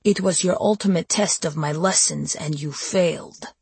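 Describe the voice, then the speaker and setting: A woman's voice: moderate pace, creaky, a little mellow, husky, dry recording, full character voice. Dmitri, a woman voicing a silky undead man. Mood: taunting. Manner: low, silky and taunting. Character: cold, seductive male undead vampire mentor. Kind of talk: audiobook character voice.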